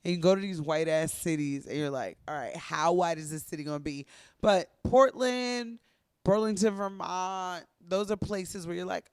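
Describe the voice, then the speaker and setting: A woman's voice: lowish voice, moderate pace, smooth, no echo, clean studio sound. A woman comedian, chatting as a guest on a podcast and telling stories wryly. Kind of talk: casual podcast chat.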